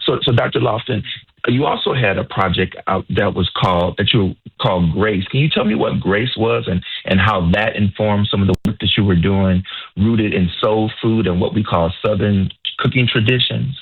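A man's voice: lowish voice, normal speed, slightly rough. A man hosting a health-focused radio call-in show, enthusiastic and encouraging, often repeating himself as he speaks. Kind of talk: casual radio talk. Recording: phone-like narrow sound.

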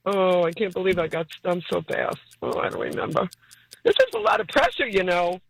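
A woman's voice: lowish voice, wildly swooping pitch, fairly quick, creaky, slightly rough, rough recording. A woman with a New York accent calling in to a radio quiz, flustered and laughing at herself. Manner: flustered, self-deprecating, laughing. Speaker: caller.

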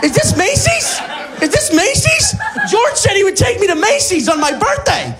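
A man voicing a confused, rambling elderly woman who shouts questions in a flustered, wandering way. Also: very high voice, sing-song, moderate pace, over music, pitched above the performer's own voice, heavily acted. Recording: live stand-up with crowd laughter.

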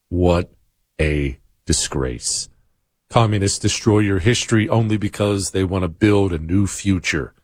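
A man's voice: deep voice, no echo, studio quality. Emphatic male radio talk host. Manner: emphatic, repeats phrases for effect. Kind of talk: opinionated radio monologue. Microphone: studio mic.

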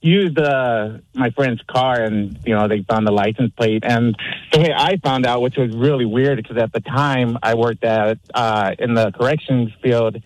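A man's voice: medium pitch, a little slow, dry recording, low-quality recording. A man calling into a radio show, telling a story in an easygoing, matter-of-fact way. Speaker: caller. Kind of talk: phone-in storytelling.

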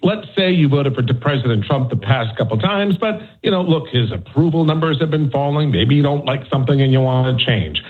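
A man's voice: mid-range voice, animated, a little fast, hardly any pauses, breathy edge. Man analyzing politics over a tinny phone line. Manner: conversational, frequent fillers and restarts. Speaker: national correspondent.

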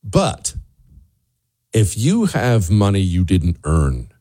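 A man's voice: low voice, wildly swooping pitch, slow pace, warm tone. A man hosting a talk show, delivering a sarcastic, ranting commentary monologue that drifts into asides. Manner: wanders off on asides.

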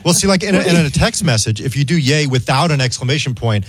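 Man, radio co-host, husky, quick, dry studio sound. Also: on the high side, expressive, no echo. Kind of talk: casual studio banter.

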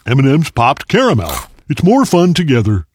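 An actor playing a slow, easygoing, dim-witted male candy mascot in an animated ad. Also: a little high, slightly rough, no echo, heavily acted. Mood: dopey. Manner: slow and dopey. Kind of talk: animated ad acting.

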